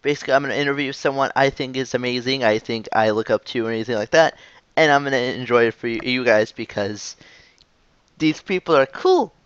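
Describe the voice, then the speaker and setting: A man hosting a casual online interview, excitable and gushing, laughing often. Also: medium pitch, fast, clear, resonant tone, no room sound, lo-fi sound. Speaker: interview host.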